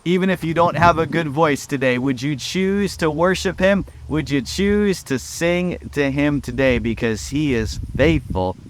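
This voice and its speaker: A man's voice: measured pace, few pauses, a little hiss or hum. A man, a pastor, giving a short devotional message in an earnest way, with fillers and repeated words. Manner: earnest, rising pitch when reading scripture; uses fillers and repetition.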